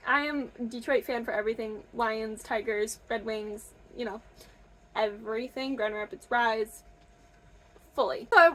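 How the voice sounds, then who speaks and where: Young woman, high voice, chatty book vlogger, gushing and excitable. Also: normal speed. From Michigan, USA. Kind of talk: casual reading vlog chat. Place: camper.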